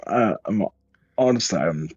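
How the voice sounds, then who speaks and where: A man's voice: on the low side, lively intonation, measured pace, a little mellow, husky, dry recording, muffled recording. A man playing in a tabletop game, chatting casually and unsure of himself. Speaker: player.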